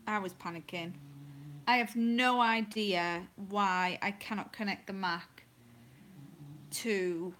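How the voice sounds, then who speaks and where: A woman's voice: medium pitch, steady tone, slow, long pauses, fairly bright tone. A woman hosting a casual livestream on her phone from home at night, chatty and apologetic, greeting viewers by name. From England. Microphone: phone held close.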